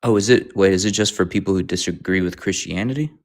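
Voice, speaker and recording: A man on a call speaks in a very deep voice at a quick pace. He is polite and quick to apologize. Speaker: caller.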